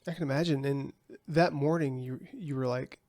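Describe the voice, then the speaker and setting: Gravelly man gently interviewing. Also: mid-range voice, fairly even intonation, moderate pace, no room sound, studio quality. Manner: gentle, attentive listener. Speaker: host, life coach.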